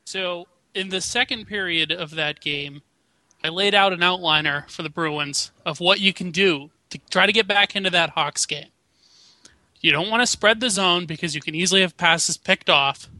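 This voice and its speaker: A man's voice: sits high, moderate pace, bright, forceful tone, dry recording. A man co-hosting a casual podcast, ranting and swearing. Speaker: podcast co-host. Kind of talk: casual chat.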